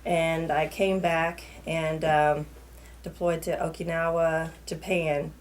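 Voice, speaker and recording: A woman's voice: low-pitched, little pitch movement, takes it slowly. A middle-aged woman from New Orleans with a New Orleans accent, a guest on a talk show, speaking candidly and with animation. She laughs often and restarts her sentences as she talks. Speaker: talk show guest, retired Army officer. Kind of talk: casual interview conversation.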